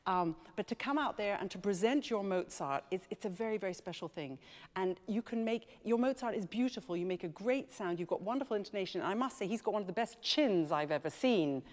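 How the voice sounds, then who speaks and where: A woman's voice: medium pitch, animated, fairly quick. A woman leading a live horn masterclass in a large music college hall, chatty and enthusiastic, laughing often. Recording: echoey hall.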